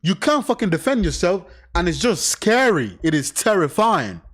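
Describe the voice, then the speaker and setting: A man with a somewhat high voice doing casual reaction commentary on a crime case. He reads passages aloud, then breaks off into blunt, profanity-laden remarks. His talk is loose, animated and unscripted. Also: normal speed. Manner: blunt, swears often, animated side remarks.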